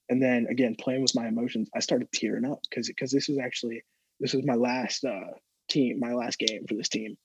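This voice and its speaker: A man's voice: mid-range voice, steady tone, a little fast, breathy edge, no echo, dull audio. A young man co-hosting a podcast, telling a story in casual chat, rambling and repeating words as he goes. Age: young adult. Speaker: podcast co-host.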